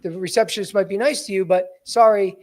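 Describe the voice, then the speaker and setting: A man's voice: high voice, quick pace. A man hosting a live podcast as a sales coach, talking energetically and directly to his listeners, often repeating or correcting himself mid-sentence. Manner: energetic, direct, keeps addressing listeners as guys. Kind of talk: live podcast, motivational talk.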